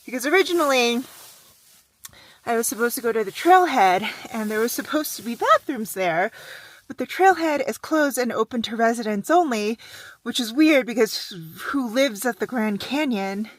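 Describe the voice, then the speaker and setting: Woman, travel vlogger, casual monologue, exclamatory, swears a lot, slightly high voice, phone mic, car and outdoors. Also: dry recording. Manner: chatty, exclamatory, swears freely. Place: inside a car and outdoors at canyon viewpoints.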